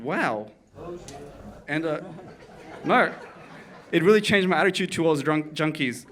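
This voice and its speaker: Australian man doing deadpan stand-up. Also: on the high side, a little slow. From Canberra, Australia. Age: 20s. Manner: deadpan, drops into put-on voices for his dad. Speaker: stand-up comedian. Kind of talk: open-mic stand-up set. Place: comedy club stage.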